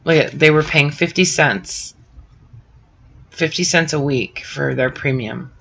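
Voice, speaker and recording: A woman's voice: low voice, a little slow, vocal fry, fairly bright tone, husky. A middle-aged woman host chatting casually and rambling with lots of fillers while crafting on a live stream. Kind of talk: casual chat with live viewers.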